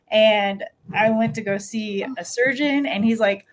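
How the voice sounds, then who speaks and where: A woman's voice: mid-range voice, unhurried. A middle-aged American woman from New Mexico, telling her story as a podcast guest in a casual, upbeat way, laughing often. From New Mexico, USA. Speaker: podcast guest, dirt bike rider.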